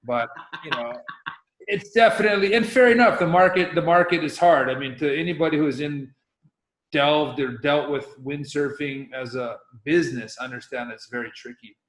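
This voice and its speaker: A man's voice: on the high side, normal speed, a bit bright. Rambling man from Hawaii in an echoey room. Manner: rambling, loose, with many restarts. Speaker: guest, professional windsurfer. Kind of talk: casual interview talk.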